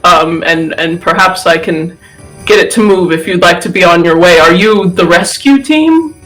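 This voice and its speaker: A man voicing a gentle, anxious middle-aged male researcher who is also a father, speaking in an earnest, softly pleading way. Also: sits high, moderate pace, soft background music, low-quality recording.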